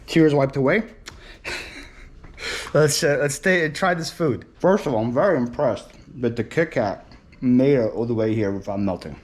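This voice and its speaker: A young man talks straight to his phone camera at home in a loose, chatty vlog. He sounds excitable and thinks out loud as he goes. His voice sits in an ordinary middle pitch, with a faint hiss underneath. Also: normal speed. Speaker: reselling vlogger.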